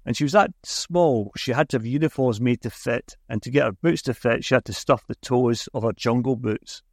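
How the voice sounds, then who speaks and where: Male podcast host, mid pitch, chatty with restarts, dry close sound. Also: moderate pace, darkish tone, no room sound. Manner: chatty, self-correcting restarts. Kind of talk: podcast interview.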